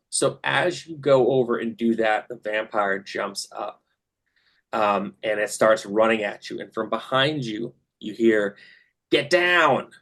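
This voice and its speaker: A man's voice: on the low side, a bit bright. Man narrating as game master, filler-heavy. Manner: descriptive, with many fillers.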